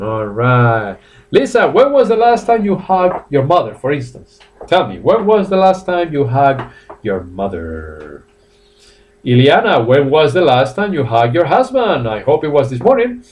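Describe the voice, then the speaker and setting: A man teaching a live online English class, laughing often and repeating phrases slowly for his students; he says he is a little tired. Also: mid-range voice, big pitch swings.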